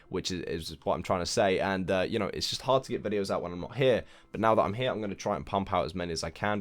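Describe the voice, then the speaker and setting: Deep-voiced chatty young man narrating a build. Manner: chatty, self-deprecating, counts blocks aloud. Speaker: Minecraft building tutorial host. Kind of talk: casual gameplay tutorial commentary.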